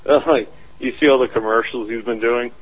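Husky man on a dull remote line. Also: medium pitch, steady tone, a little fast. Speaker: show guest. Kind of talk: casual chat.

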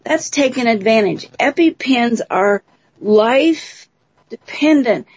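A woman's voice: a little high, animated, slow, slightly rough, lo-fi sound. A woman, a guest on a radio interview, giving long, talkative explanations of her research and program. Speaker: guest, bioacoustics researcher and teacher.

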